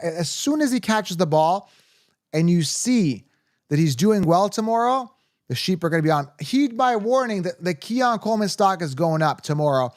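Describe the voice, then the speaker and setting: Excitable fantasy football host. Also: male voice, sits high, moderate pace, dry recording, studio quality. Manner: excitable, emphatic, repeats himself. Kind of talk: live-stream chat, reading comments.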